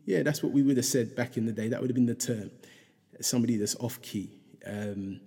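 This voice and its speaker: A man's voice: medium pitch, fairly quick, mellow, husky, long reverb tail. A middle-aged man, chatting casually and reflectively, rambling with lots of fillers and restarts. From England.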